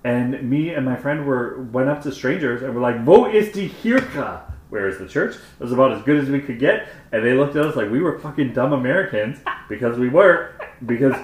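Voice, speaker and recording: A man's voice: medium pitch, brisk. A man in his forties from Wisconsin telling a story in casual chat, self-mocking and swearing freely. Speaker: podcast co-host. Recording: roomy echo.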